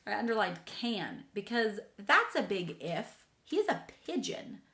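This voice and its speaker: Woman teacher, reading lesson for kids, enthusiastic, crisp bright voice, echoey room. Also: medium pitch, sing-song, measured pace. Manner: enthusiastic, chatty, addresses kids directly.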